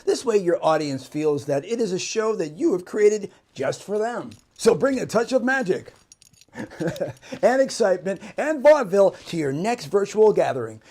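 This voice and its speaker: A man's voice: sits high, darkish tone. A man performing as a magician and variety showman, talking in a jokey, folksy patter and chuckling often. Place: live stage show with audience. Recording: roomy, distant, with faint noise.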